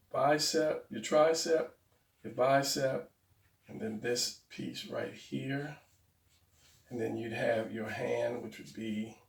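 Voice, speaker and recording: A man with a gravelly, creaky voice explains drawing step by step, thinking aloud and fixing his own slips as he goes. He sounds a little far from the mic, in a roomy space that echoes. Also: mid-range voice. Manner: rambling, self-correcting, talks to himself while drawing. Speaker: drawing tutorial host. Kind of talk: casual drawing instruction.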